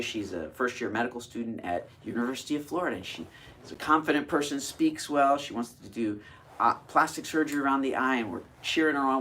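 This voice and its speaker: Surgeon guy in his 40s, emphatic, lots of rhetorical questions, middle pitch. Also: a bit bright, slight background noise. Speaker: cosmetic surgeon. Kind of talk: direct-to-camera explainer.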